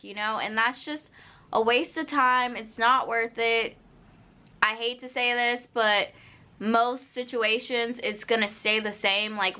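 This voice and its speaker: A woman's voice: a little high, bright, forceful tone. A young woman vlogging, giving casual, unscripted advice straight to camera, full of "like" and "you know". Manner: earnest, direct advice-giving.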